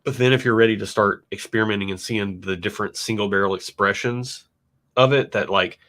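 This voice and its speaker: Tasting on a livestream he co-hosts, a man rambles in a relaxed, casual way stuffed with fillers. His voice is lowish and his pace fairly quick.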